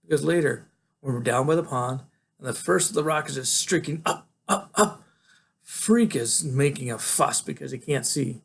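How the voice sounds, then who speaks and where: A man, a teacher, reading a novel aloud in a relaxed, conversational storytelling way. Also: mid-range voice, normal speed, vocal fry, slight background noise.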